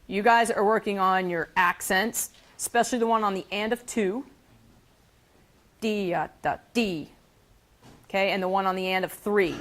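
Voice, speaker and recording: Brisk woman band teacher. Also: mid-range voice, a bit bright. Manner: brisk, directive, counting aloud. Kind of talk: classroom instruction.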